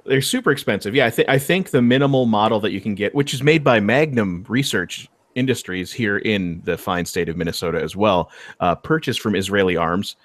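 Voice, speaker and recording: A man's voice: lowish voice, a little fast, hardly any pauses, no echo. A man chatting casually on a livestream, often stammering and repeating words and swearing freely. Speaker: livestream co-host. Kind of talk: casual group chat.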